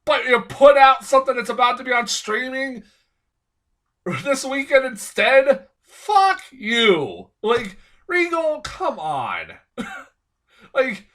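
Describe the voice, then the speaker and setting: A man's voice: extremely high pitch, very animated, takes it slowly, a bit bright. A man giving a casual film review, ranting in an angry, profane, exasperated way. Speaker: movie reviewer.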